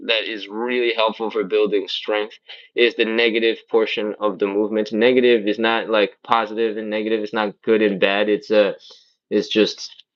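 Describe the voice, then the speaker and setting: A man's voice: fairly low pitch, muffled recording. A man leading a live-streamed stretching class, explaining moves casually and often checking in with "all right?" while he exercises on the floor. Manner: cues exercises while doing them on the floor. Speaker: fitness instructor.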